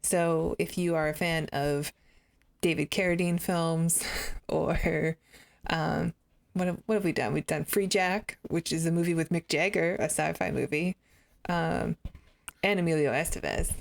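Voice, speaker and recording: American woman co-hosting a tv chat, lots of ums, wry, lowish voice with heavy fry. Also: fairly even intonation, measured pace. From United States. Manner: hesitant, many fillers, wry. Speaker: co-host of a TV review show. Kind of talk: casual chat.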